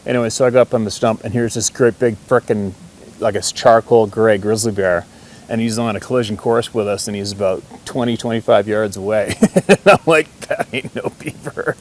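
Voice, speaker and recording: A man's voice: on the low side, fairly even intonation, fairly quick, a little mellow. A man telling a hunting story in a rambling, folksy way, swearing casually and chuckling often. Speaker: hunter.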